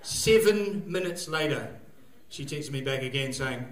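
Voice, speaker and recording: A man's voice: medium pitch, animated, measured pace, few pauses. A man doing a rambling, crude stand-up set, laughing at his own jokes in front of a live crowd. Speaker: stand-up comedian. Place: comedy gig venue, live audience. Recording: echoey live venue.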